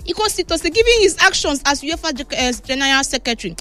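A woman with a Nigerian Pidgin accent presenting football news, animated and emphatic, retelling quotes in a casual way. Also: high voice, fast talker, faint music behind. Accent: Nigerian Pidgin English.

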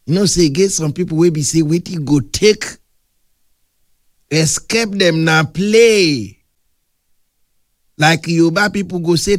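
A man with a Nigerian accent preaching a humorous, animated sermon that mixes storytelling with playful big words. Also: fairly high pitch, measured pace, pauses often, no echo, clean studio sound.

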